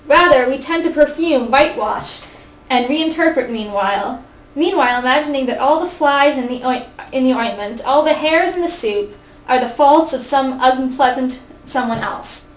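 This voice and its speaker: High-voiced young woman hosting a study group. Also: moderate pace. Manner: playful, reads aloud from a book with restarts. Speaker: host. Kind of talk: casual study group reading. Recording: echoey room, faint background hiss.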